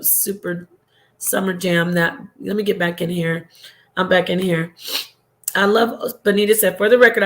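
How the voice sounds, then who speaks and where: A middle-aged woman hosting a casual livestream, reading her chat and talking warmly, often trailing off and restarting her sentences. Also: fairly low pitch. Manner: chatty, affectionate, trailing off and restarting. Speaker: livestream host.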